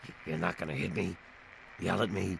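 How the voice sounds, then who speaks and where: An actor playing a weary, kind male ghoul bartender in a video game, raspy and humble. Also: low voice, steady tone, a little fast, fairly bright tone, a little hiss or hum, exaggerated voice, poor audio. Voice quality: raspy, gravelly. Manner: humble, resigned.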